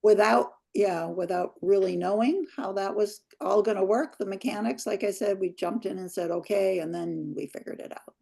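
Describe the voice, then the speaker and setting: A woman's voice: mid-range voice, normal speed, creaky, few pauses, warm tone. A woman organizer chatting casually while wrapping up an online event on a video call.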